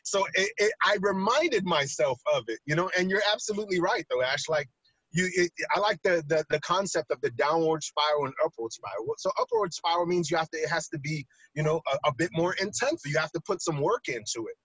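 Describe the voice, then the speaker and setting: Animated storytelling man, husky voice. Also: a little high, brisk, no echo, dull audio. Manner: animated, acts out quoted lines. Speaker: podcast co-host. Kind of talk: casual storytelling chat.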